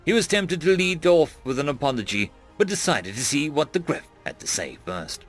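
A man's voice: a little high, sing-song, moderate pace, few pauses, soft background music. A man narrating a science fiction story in an audiobook style.

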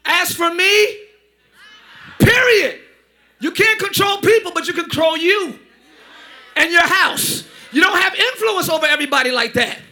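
Pastor guy preaching loud in church, super high pitch, real sharp bright voice, cracks jokes. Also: measured pace, pauses often. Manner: shouting, preaching with humor. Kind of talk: sermon. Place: church sanctuary.

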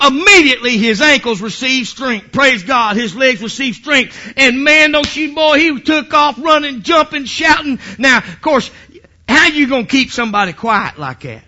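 A male preacher, delivering a fiery sermon that swings into shouting, with "praise God" refrains. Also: very high voice.

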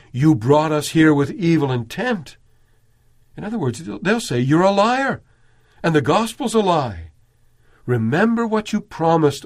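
A man preaching a sermon in an earnest, measured way, raising his voice when he quotes prayers. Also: medium pitch.

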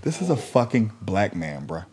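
A man telling a story in a casual, animated way, full of slang and profanity, repeating lines for emphasis. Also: lowish voice, normal speed, slightly rough.

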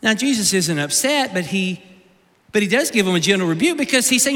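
A male pastor preaching an animated, humorous sermon, often repeating words as he goes. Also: sits high, brisk. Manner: animated, joking, repeats words mid-sentence. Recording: long reverb of a large hall.

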